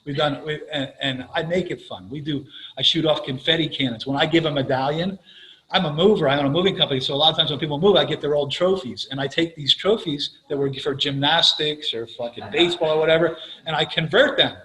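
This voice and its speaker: A man's voice: on the high side, fast talker, a bit bright, low-quality recording. Profane older man telling blunt stories. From Florida. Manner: profane, blunt, self-mocking, laughs while telling stories. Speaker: recovery meeting speaker. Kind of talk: profane storytelling share.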